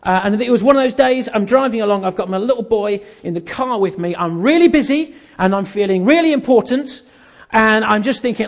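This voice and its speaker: A man's voice: high voice, animated, fairly quick. A man giving a sermon as a pastor, telling a story and acting out the dialogue with self-deprecating humor while an audience laughs.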